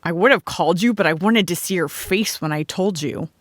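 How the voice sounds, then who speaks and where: A woman voicing a brisk, teasing, practical friend who loves sharing news. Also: lowish voice, no echo, clean studio sound, lightly acted.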